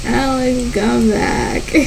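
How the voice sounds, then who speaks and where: A woman giving gameplay commentary as a channel host, excitable and panicky, often squealing and laughing. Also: on the high side, drawn-out words, gravelly, background noise.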